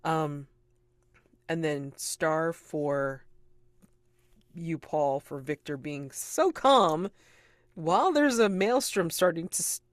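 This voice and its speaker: A game master closing out a tabletop session with loose, excited rambling, full of "like" and "um". The voice sits at an ordinary middle pitch. It is recorded dry and close, with no room sound. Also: slow pace, long pauses, no echo. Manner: rambling, enthusiastic, with many fillers and laughs.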